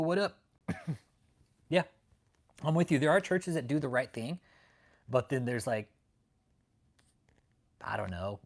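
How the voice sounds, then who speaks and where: A man hosting a casual livestream, talking bluntly and profanely and greeting viewers in the chat. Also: fairly low pitch. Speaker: livestream host.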